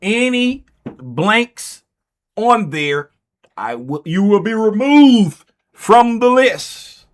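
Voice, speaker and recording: Brief: male livestream host, laid-back and slow, lively pitch, playful chart talk. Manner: playful, drawn-out, sing-song delivery. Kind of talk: casual livestream chart commentary.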